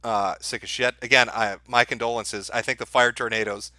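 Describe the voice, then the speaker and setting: Man, middle-aged, stream host, crude mocking commentary, bright tense voice, dry sound. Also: medium pitch, moderate pace, no room sound. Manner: crude, mocking, deadpan asides to chat. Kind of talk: sardonic live-stream commentary.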